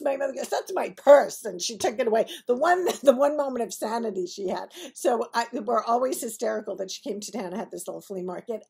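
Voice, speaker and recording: This vlogger tells a personal story to camera in a fairly high, husky voice with vocal fry and a darkish tone. Her casual storytelling is chatty and digressive, and she often laughs through her punchlines.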